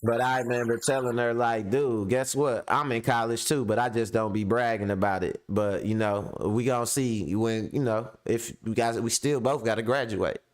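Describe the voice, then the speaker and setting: A middle-aged man runs a casual commentary monologue in heavy slang, his voice smooth and resonant at an ordinary pitch. He tells stories with lots of energy and acts out other people in sudden high, squeaky voices. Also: steady tone, moderate pace, hardly any pauses. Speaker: commentary show host.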